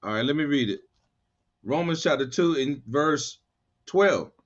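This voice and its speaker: A man leading a bible study, reading verses slowly and then explaining them in loose, animated street talk. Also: fairly high pitch, faint music behind. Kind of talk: scripture study teaching. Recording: dull lo-fi sound.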